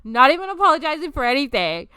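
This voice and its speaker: A woman's voice: high-pitched, big pitch swings, fast, sharp tone, no echo. A woman in her twenties hosting a podcast, telling personal stories in a loose, chatty way, swearing freely and laughing often. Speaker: podcast host. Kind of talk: casual storytelling chat.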